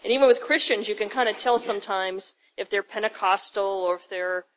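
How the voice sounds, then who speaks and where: A woman in a casual Bible study discussion, thinking out loud as she works through her answer. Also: mid-range voice, fairly quick, rough recording. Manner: thoughtful, reasons out loud.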